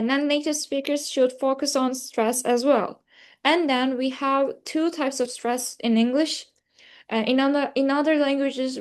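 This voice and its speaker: A young woman from Turkey with a Turkish accent gives a class presentation, hesitant, with many fillers and self-corrections. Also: high voice. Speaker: student presenter.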